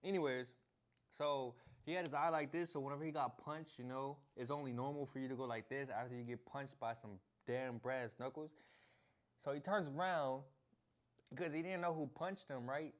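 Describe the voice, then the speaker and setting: A man's voice: medium pitch, fairly even intonation, normal speed. Young guy vlogging, telling a wild story, slangy, laughs a lot, acts stuff out. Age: young adult. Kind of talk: casual storytelling to camera.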